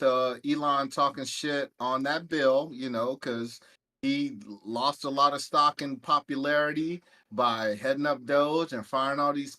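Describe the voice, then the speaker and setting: A man hosting a casual podcast chat, loud, profane and joking with his friends. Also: mid-range voice. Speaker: podcast host.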